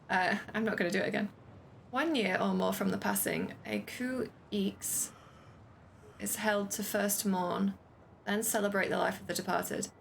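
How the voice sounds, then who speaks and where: A woman's voice: mid-range voice, steady tone, moderate pace, creaky, slight background noise. A woman streaming a game, chatting casually, laughing often, and reading on-screen text aloud.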